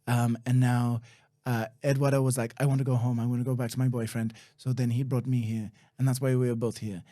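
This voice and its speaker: A man voicing an earnest, anxious foreign man who confides secrets in hesitant, rushed explanations. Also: medium pitch, little pitch movement, warm tone, no room sound, studio quality, pitched below the performer's own voice, natural voice.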